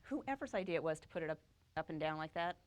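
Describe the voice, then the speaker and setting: A woman's voice: low-pitched, lively intonation, fast talker, slight background noise. Quilting teacher woman explaining to a class. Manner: explains step by step, checks in with the class. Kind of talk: live classroom demonstration.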